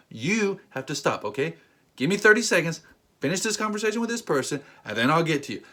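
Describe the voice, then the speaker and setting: A man's voice: fairly high pitch, lively intonation, rapid-fire, fairly bright tone. A man reviewing a film in a ranting commentary, incredulous and emphatic, with sudden exasperated outbursts. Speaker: movie reviewer.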